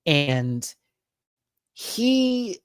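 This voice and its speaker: A man's voice: high voice, drawn-out words, clear, resonant tone, no room sound, clean studio sound. A man hosting a live-stream show, chatting casually and expressively while recapping TV and acting out quotes. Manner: animated and expressive, swears, acts out quotes.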